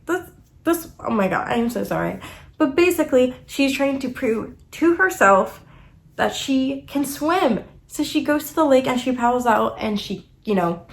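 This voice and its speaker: Young woman, book reviewer, casual chat delivery, emotional and animated. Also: fairly high pitch. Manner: emotional and animated, many fillers like "like" and "you know".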